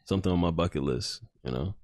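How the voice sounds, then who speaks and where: A man's voice: low voice, fast, darkish tone, no echo, clean studio sound. A man co-hosting a podcast, telling rambling stories in casual banter and laughing at himself. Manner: laid-back, rambling storyteller, laughs at himself. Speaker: podcast co-host.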